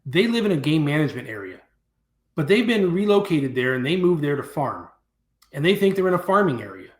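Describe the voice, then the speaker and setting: Animated male storyteller, slightly high voice. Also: a little fast. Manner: animated storyteller who acts out quoted speech. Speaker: guest, dangerous game hunter. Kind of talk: storytelling in a podcast interview. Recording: roomy echo.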